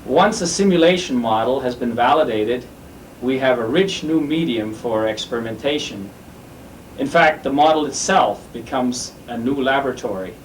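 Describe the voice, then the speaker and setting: A man's voice: medium pitch, moderate pace. Man explaining, from a distant mic. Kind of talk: scripted explanation. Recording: distant mic with faint hum.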